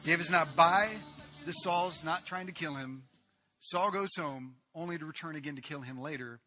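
A male preacher tells a Bible story in a loose, conversational sermon. His voice sits high and rings very bright. Faint music plays behind him. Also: moderate pace. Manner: lively storytelling with asides and laughs.

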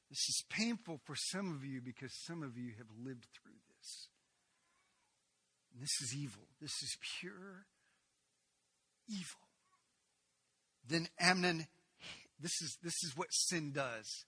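A male pastor delivers a sermon, dropping to a hush and then rising to loud, forceful lines. His voice is sharp and fairly high. The sound is dry and close. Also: slow, long pauses, husky, no echo. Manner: dramatic swings from hushed to loud.

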